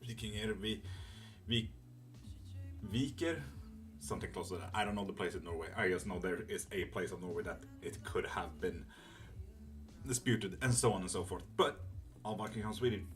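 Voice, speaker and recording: A man with a low voice hosts a live tarot stream, chatting casually with viewers as he reads their comments. He speaks at a moderate pace with long pauses, rambling with fillers and the occasional swear.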